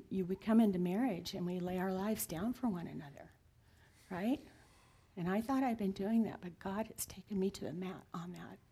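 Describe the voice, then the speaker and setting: A woman's voice: mid-range voice, dark tone, breathy edge. A woman in her sixties telling her story in an interview, earnest and heartfelt, at times dropping to a near whisper. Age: 60s. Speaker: guest sharing her story. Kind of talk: confessional interview talk.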